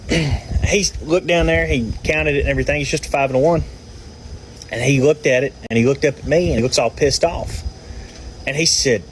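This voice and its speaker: A man's voice: fairly high pitch, slight background noise, rough recording. A man telling a story casually, in a blunt and profane manner.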